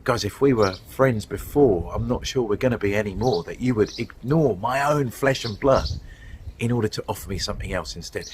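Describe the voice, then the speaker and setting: A middle-aged man preaching a sermon as a guest speaker, telling stories in a conversational, animated way, recorded outdoors in the wind. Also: fairly low pitch, brisk, rough recording. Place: outdoors, windy.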